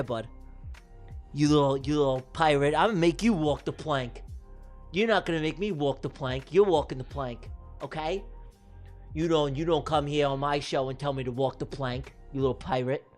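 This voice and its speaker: A livestream host calling giveaway races with playful, teasing energy. They repeat their catchphrases for emphasis and joke with viewers, while faint music plays under the voice. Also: mid-range voice. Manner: excitable, teasing and joking. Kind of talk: playful live race commentary. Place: live stream broadcast.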